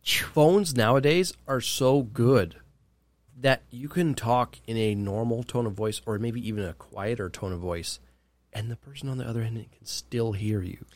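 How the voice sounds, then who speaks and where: A man's voice: mid-range voice, moderate pace, no room sound. A man co-hosting a podcast in casual chat, teasing and wry. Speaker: podcast co-host.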